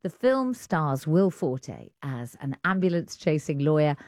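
A woman with an English accent presenting a radio arts show, reading clear scripted links and chatting with a colleague. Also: low-pitched, sing-song, unhurried, darkish tone, no echo, clean studio sound. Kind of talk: broadcast presenting.

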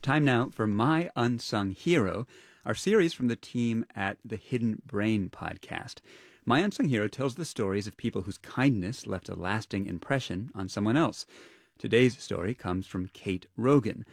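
A man hosting a radio segment, reading a scripted introduction in a measured way. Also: lowish voice, lively intonation, vocal fry, no echo, clean studio sound. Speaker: radio host.

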